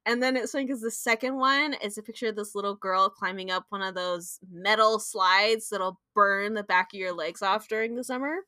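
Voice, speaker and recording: A woman's voice: medium pitch, steady tone, normal speed, few pauses, sharp tone, no room sound, studio quality. A young woman co-hosting a podcast, chatting casually and telling stories animatedly with playful sound effects and laughter. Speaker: podcast co-host. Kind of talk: casual chat.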